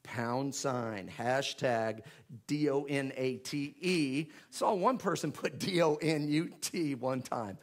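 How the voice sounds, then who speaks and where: A man, a pastor making church announcements in a chatty, joking way before rising into loud, fervent prayer. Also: fairly high pitch, slow pace. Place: church sanctuary with live congregation.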